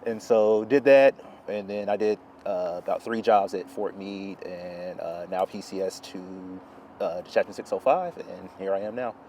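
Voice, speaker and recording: A man in his thirties with a low, hoarse voice, talking through his career in a relaxed, casual way. He fills pauses with "uh" and laughs lightly between stories. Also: slight background noise. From Charlotte, North Carolina. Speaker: guest, Air Force intelligence officer. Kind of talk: casual interview.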